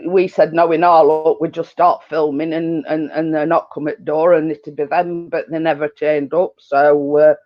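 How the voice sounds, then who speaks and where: Speaking from her living room as a live-stream channel host, this middle-aged woman chats casually, wandering off-topic amid lots of fillers and little laughs. Her voice is low and level, at a normal speed with few pauses. It's captured as a dull, lo-fi home recording.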